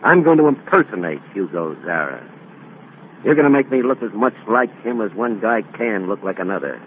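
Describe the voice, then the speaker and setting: A man plays a hard-edged male crook who barks orders in short clipped lines, his voice pitched low but swinging widely as he pushes people around. This is a 1940s radio drama, and it comes through a thin, hissy old broadcast. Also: animated, moderate pace, narrow, tinny audio, natural voice. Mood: scheming. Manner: tough, bossy and clipped. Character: scheming male crook posing as a rich man.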